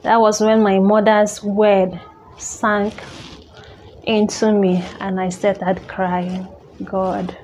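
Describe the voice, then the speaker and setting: A woman telling a personal story in a halting, emotional way, full of restarts. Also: medium pitch, little pitch movement, a little mellow, a little hiss or hum. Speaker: vlogger.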